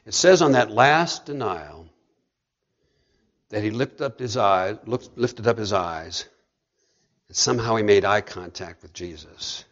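A man preaching a sermon, swinging between hushed storytelling and emphatic, rising delivery. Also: fairly low pitch, animated, unhurried, long pauses, muffled recording.

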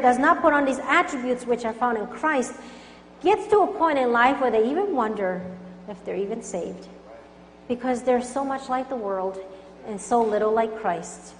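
Earnest higher-voiced woman preaching in a hall. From Colombia. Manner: earnest, urgent exhortation. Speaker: Christian speaker. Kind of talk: testimony sermon. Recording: echoey hall with faint hum.

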